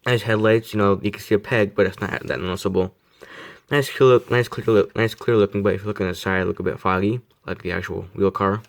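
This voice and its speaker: A man's voice: lowish voice, steady tone, fast talker, vocal fry. Rambling teenage boy reviewing a model car. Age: teens. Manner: rambling, self-deprecating, many fillers and restarts. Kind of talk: casual review vlog.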